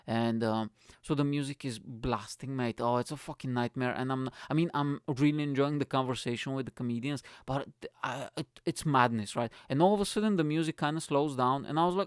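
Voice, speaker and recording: A young man from Bulgaria hosting his own podcast, telling rambling stories in an animated, tangent-jumping way and swearing often. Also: medium pitch, clear, resonant tone, no room sound, studio quality. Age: young adult. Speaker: podcast host. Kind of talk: casual storytelling rant.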